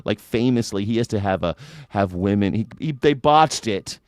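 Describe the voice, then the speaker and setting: A man's voice: lowish voice, expressive, normal speed, no room sound, clean studio sound. A man hosting a live news reaction show, ranting in an irreverent, mocking way. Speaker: host.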